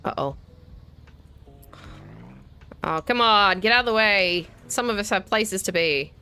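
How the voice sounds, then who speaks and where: A woman's voice: mid-range voice, unhurried, bright, forceful tone, clean tone. An Australian woman in her thirties giving casual, wry gameplay commentary and talking herself through each step. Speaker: gaming video host. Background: faint game music and keyboard typing.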